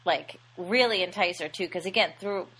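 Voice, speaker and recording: A woman co-hosting a podcast, recapping a horror film in an animated, casual way. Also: lowish voice, moderate pace, breathy edge. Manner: animated, acts out characters' lines. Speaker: podcast co-host. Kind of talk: casual movie recap chat.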